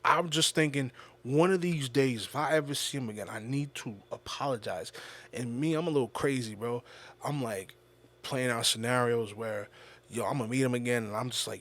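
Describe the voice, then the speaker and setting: A man's voice: mid-range voice, moderate pace, fairly bright tone. A man hosting a podcast, telling a personal story in a casual, reflective monologue. He often stops and repeats words, and he swears freely. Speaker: podcast host.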